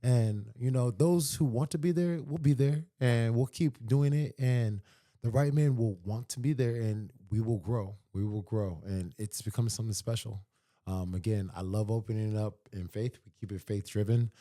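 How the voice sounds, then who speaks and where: A man's voice: medium pitch, normal speed, mellow. A man as a podcast guest, talking sincerely and repeating phrases for emphasis. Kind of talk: casual podcast conversation.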